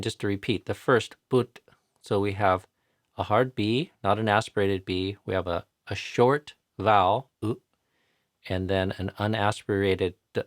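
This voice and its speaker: An American man teaching chanting pronunciation patiently in a live online tutorial, repeating each sound slowly to demonstrate it. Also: on the low side, creaky, no room sound, studio quality. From United States.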